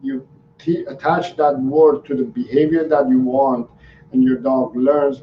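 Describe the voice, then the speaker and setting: This medium-pitched man is a dog trainer taking viewer questions live, and he speaks at an easy pace, halting often with ums and restarts. The audio is faintly noisy, dull, roomy, and distant.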